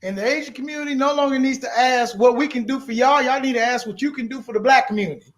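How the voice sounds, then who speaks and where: Brief: male commentator with a high-pitched voice, blunt indignant monologue. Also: fast. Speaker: social commentator. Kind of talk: opinion monologue.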